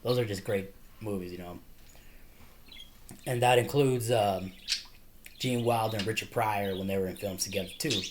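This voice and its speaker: A man's voice: fairly low pitch, moderate pace, pauses often, a little hiss or hum. A man casually talking through a favorite movie, rambling with lots of fillers and frequent laughter. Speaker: movie reviewer. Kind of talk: casual movie review monologue.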